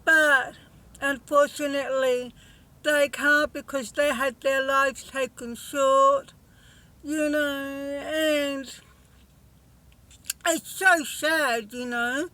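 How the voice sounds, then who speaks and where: High, slow, bright-voiced emotional woman vlogger. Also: steady tone, low-quality recording. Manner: emotional, halting, with many fillers; heartfelt and earnest. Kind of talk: casual direct-to-camera vlog.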